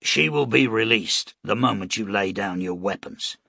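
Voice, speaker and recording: Man playing a smooth, mocking villain. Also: on the low side, moderate pace, bright, forceful tone, no echo, clean studio sound, heavily acted. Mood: smug. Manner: polished and mocking. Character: smooth, courteous villainous male gunman.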